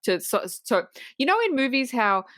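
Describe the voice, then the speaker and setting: A woman's voice: a little high, moderate pace, no room sound, clean studio sound. A woman co-hosting a podcast, casually reviewing a film and eagerly retelling its scenes. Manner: animated retelling, acts out quoted lines. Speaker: podcast co-host.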